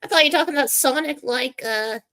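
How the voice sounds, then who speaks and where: A woman's voice: sits high, fast talker, pushed and bright, pitched above the performer's own voice. A woman voicing a small, cheeky male hedgehog puppet in an attempted British accent that comes out sounding Australian, chirpy and silly. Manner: chirpy, says silly things.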